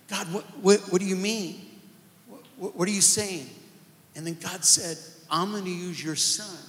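High-voiced man preaching in a reverberant hall. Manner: storytelling, building to loud emphatic climaxes. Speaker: guest preacher. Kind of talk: sermon testimony. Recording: live church hall reverb.

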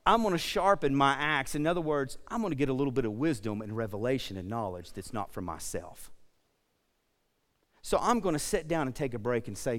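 A man's voice: mid-range voice, lively intonation, fairly quick, a bit bright. A man preaching a sermon, fervent and storytelling, asking the congregation questions. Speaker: pastor. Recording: long hall reverb.

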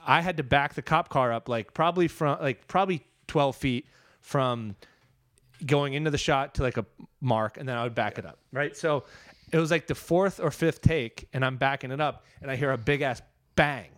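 A man's voice: medium pitch, normal speed, a bit bright, dry recording. A man telling a long, rambling story in casual chat, swearing freely.

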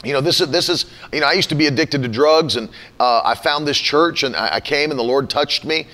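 A man giving a casual teaching talk on faith, animated, often laughing and mimicking other people's voices. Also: on the high side, a little fast.

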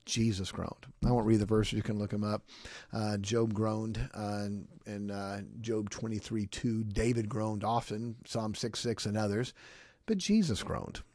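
A man hosting a podcast, giving an informal devotional talk in an animated, conversational way, often asking listeners questions. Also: fairly low pitch, unhurried, no echo. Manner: animated, mimics groans, chuckles often. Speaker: podcast host.

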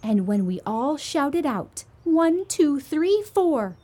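A woman's voice: high-pitched, very animated, takes it slowly, mellow, voice pushed up, heavily acted. Delighted storybook townsfolk, voiced by a woman; fussing and cooing, in no hurry. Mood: admiring. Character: a crowd of townsfolk, delighted and admiring.

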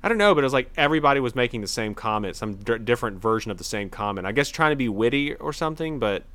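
A man's voice: medium pitch, animated, rapid-fire, fairly bright tone. A man co-hosting a podcast, chatting casually and rambling a bit with restarts. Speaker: podcast co-host. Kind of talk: casual chat.

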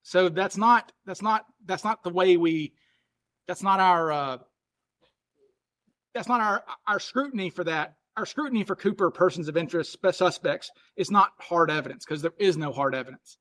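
Higher-pitched man hosting a podcast. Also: normal speed, fairly bright tone. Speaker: podcast host. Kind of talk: casual chat.

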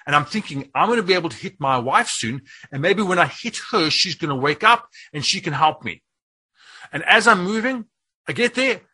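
A man giving a testimony as a guest speaker at a Bible study, telling a story with frequent restarts and rising to shouts at its peaks. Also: a little high, slightly rough. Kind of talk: testimony sermon.

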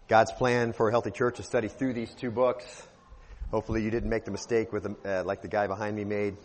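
A male pastor reading scripture and telling a story in a sermon, measured, lifting his emphasis on key phrases. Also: lowish voice, a little mellow, big-room sound.

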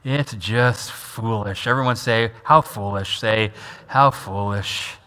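A man's voice: on the low side, slow pace, sharp tone. A man preaching a sermon as pastor, emphatic, repeating key lines and having the congregation say them back. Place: church sanctuary. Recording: long reverb of a large church hall.

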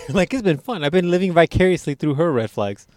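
A man's voice: a little high, lively intonation, brisk, darkish tone, no room sound, clean studio sound. Teasing, laughing young podcast co-host man. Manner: joking, teasing, laughs often. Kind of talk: casual podcast chat.

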